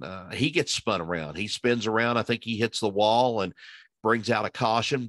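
A man's voice: on the low side, a bit bright, no echo. A man giving casual, rambling racing analysis, full of fillers and restarts as he thinks aloud. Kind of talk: casual podcast chat.

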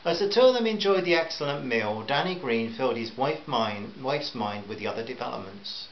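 A man's voice: medium pitch, animated. Man reading a novel in an echoey room. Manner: measured, with occasional stumbles. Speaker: audiobook narrator. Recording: roomy, slightly dull, faint hiss.

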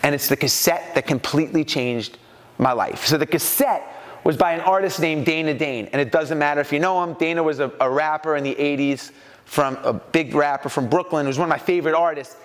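A man from New York giving an animated storytelling talk at a business mastermind and acting out the voices in his anecdotes. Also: a little high, fairly quick, long reverb tail. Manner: animated, acts out quoted voices.

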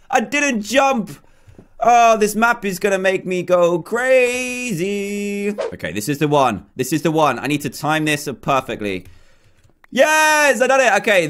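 A man hosting a gaming channel, giving excitable, chatty let's-play commentary and talking to himself as he plays. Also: mid-range voice.

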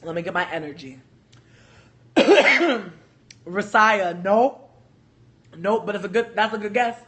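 New lady ranting on a stream, crisp bright voice, cussing n joking. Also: medium pitch, slow pace. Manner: animated, profane, joking storyteller. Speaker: livestream host. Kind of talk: casual storytelling livestream.

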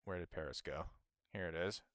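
An American man streams a game in a deep, fairly quick voice with a slightly bright edge, grumbling at it, poking fun at himself and laughing often as he commentates casually. The recording is dry, with clean studio sound.

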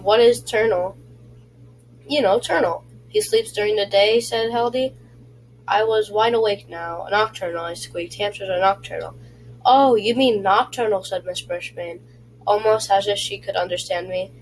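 A woman reading a children's chapter book aloud, in a halting way with frequent slips and restarts. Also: mid-range voice, a little hiss or hum, low-quality recording. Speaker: reader.

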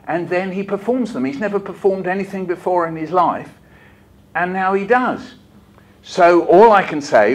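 An older man giving a lively, jokey storytelling talk to a hall of teachers, acting out bits as he goes. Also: medium pitch, slightly rough. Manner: lively, jokey, acts out voices and poems. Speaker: children's author giving a talk. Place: conference hall.

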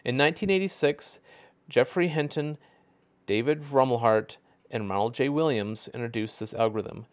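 A man explaining history as an educator in a measured lecture, often restarting and correcting words. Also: mid-range voice. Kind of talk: lecture narration.

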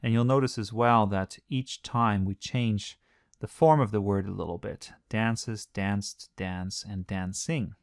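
A man teaching a close reading of a poem in a relaxed, conversational way, often pausing with "uh". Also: lowish voice, dry recording. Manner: relaxed, conversational, frequent "uh" fillers. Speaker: literature teacher. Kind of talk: explanatory lesson.

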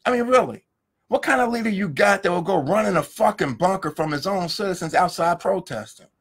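A middle-aged man, a law professor, delivers a heated, profane rant on a live stream, hurling rhetorical questions and repeating himself. His high voice is brisk, fairly bright and slightly rough, with lively intonation, captured through a phone or webcam.

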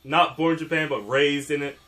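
Man, casual gaming co-host, animated storyteller, bright tone. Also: fairly high pitch, brisk. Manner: animated storytelling, laughs often, casual swearing. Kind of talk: casual chat over gameplay.

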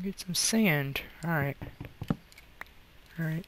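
A man's voice: fairly high pitch, lively intonation, a little slow, gravelly, pushed and bright, slight background noise. A young man giving playful let's play commentary, talking to himself with sing-song noises. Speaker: gamer.

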